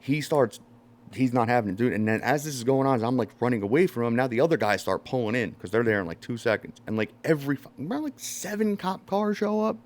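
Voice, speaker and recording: A man's voice: mid-range voice, fast talker. A man telling a story in casual chat, swearing freely and acting out what people said. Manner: animated storyteller, swears often, acts out quotes loudly. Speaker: podcast host.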